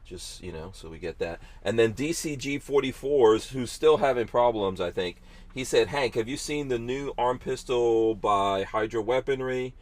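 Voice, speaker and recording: A man's voice: mid-range voice, moderate pace. A man hosting a podcast in casual chat, joking around and reading viewer comments aloud. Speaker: podcast host.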